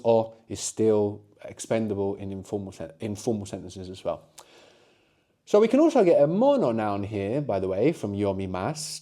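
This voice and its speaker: A man's voice: fairly low pitch, dark tone. A middle-aged man teaching a language lesson, explaining patiently and often checking in with short tag questions.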